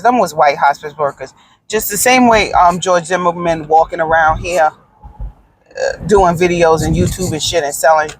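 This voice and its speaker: A woman's voice: lowish voice, a little hiss or hum, poor audio. A woman hosting a solo podcast, talking in a blunt, profane, opinionated way with rambling asides and frequent fillers. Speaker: podcast host. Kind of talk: casual solo podcast monologue.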